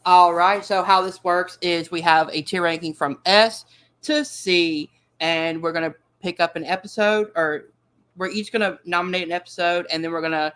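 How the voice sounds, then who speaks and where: A man's voice: high-pitched, fairly even intonation, moderate pace, fairly bright tone, clean tone. A man hosting a casual chat show, upbeat and eager, with frequent fillers. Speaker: podcast host.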